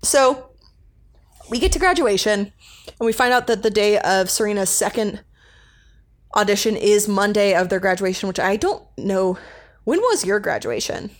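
A woman's voice: mid-range voice, lively intonation, normal speed, long pauses. A young woman co-hosting a podcast, chatting casually and rambling with lots of fillers as she recaps an episode. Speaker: podcast co-host.

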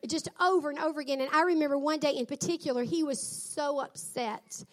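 A woman's voice: high-pitched, brisk. A middle-aged woman and mother, talking earnestly and reflectively about raising her sons. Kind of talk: personal talk on parenting.

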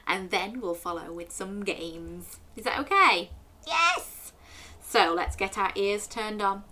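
A woman's voice: on the low side, a little hiss or hum. A woman in her thirties hosting a children's story show, reading a picture book aloud and asking the young listener questions. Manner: animated, asks the listener questions and waits for answers.

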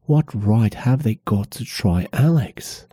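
A man's voice: lively intonation, dark tone, husky, no echo, studio quality, full character voice. A man reading aloud, voicing a stubborn, indignant middle-aged village woman in a raised voice. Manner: raised pitch, drawn-out protesting delivery. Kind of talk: read-aloud novel passage.

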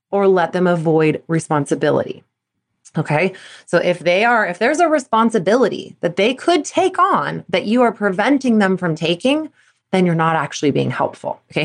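A woman in her thirties hosting a solo podcast, talking candidly to sports parents and acting out her younger self in quotes. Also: fairly low pitch. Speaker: podcast host, performance coach.

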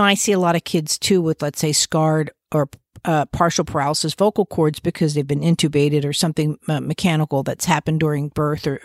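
Chatty podcast host, child therapist, mid pitch, conversational, dry close sound. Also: no room sound. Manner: conversational, often restarts and uses fillers; gives warm, reassuring asides. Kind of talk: casual explanatory podcast talk.

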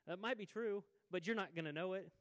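A man's voice: high voice, quick pace, no echo, in a large hall. A man in his thirties preaching a sermon as pastor, conversational and self-deprecating, with frequent restarts. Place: church sanctuary.

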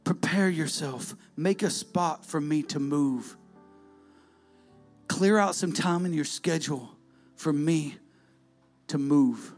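A preacher voicing God, hushed, low and solemn. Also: male voice, faint music behind. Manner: slow, solemn commands. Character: God, calm and commanding.

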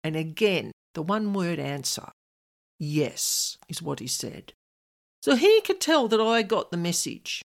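A woman hosting a podcast, telling a personal story in a chatty, animated way and quoting voices. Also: lowish voice, moderate pace, vocal fry. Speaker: podcast host.

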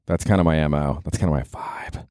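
A man's voice: a bass voice, brisk, warm tone, smooth, no echo, studio quality. A man in his forties hosting his own podcast, rambling casually with profanity and self-mockery. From New York. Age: 40s. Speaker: podcast host. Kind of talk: casual solo podcast monologue.

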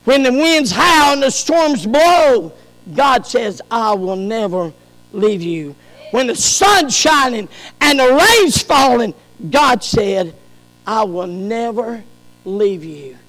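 High-voiced preacher in a reverberant hall. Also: male voice, sing-song, slow. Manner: preaching that swings from shouted peaks to soft low passages. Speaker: pastor. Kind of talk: sermon.

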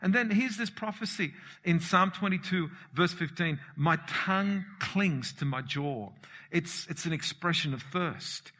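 A high-voiced man preaching with a bright, cutting edge to his tone. He swings from ringing shouts to hushed asides. His voice carries a long hall reverb. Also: animated, measured pace. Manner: fervent, emphatic preaching with sudden shouts and drops. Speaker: pastor. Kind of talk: sermon.

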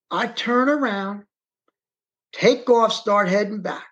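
Speaking in a high voice with big pitch swings and a fairly bright tone, an eyewitness tells his story dramatically in the first person. He breaks off to direct someone shifting a map on screen, and the sound is lo-fi.

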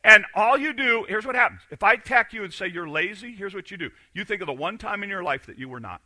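A man preaching a sermon as pastor, swinging between loud emphatic lines and quiet, confiding asides. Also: high-pitched, lively intonation, fast, no echo.

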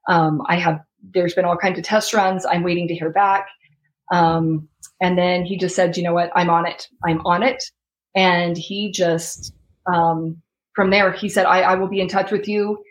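A woman's voice: fairly low pitch, fairly even intonation, a little slow. A young adult woman, an interview guest, recounting a frightening ordeal in an earnest, sometimes tearful way. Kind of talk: emotional storytelling.

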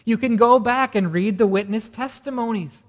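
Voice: mid-range voice, moderate pace. A pastor delivering a morning sermon earnestly, asking the congregation rhetorical questions. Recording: reverberant hall sound.

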